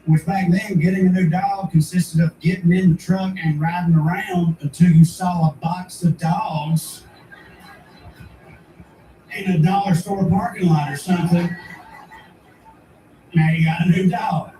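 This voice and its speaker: A man's voice: high voice, steady tone, a little slow, long pauses, warm tone. A man from rural Tennessee, doing a brash, profane stand-up comedy set. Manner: brash, profane, conversational punchlines. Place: comedy club stage. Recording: roomy and distant with ambient noise.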